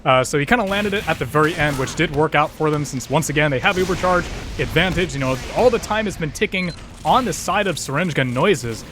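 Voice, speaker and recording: A man giving steady, analytical color commentary as an esports caster, leaning on fillers. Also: on the high side, brisk, over music. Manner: steady explaining, many fillers like kinda.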